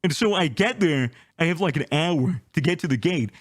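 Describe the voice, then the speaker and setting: A man telling a travel story in casual chat, animated and swearing, acting out the people he met. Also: fairly high pitch, normal speed, dry recording, clean studio sound.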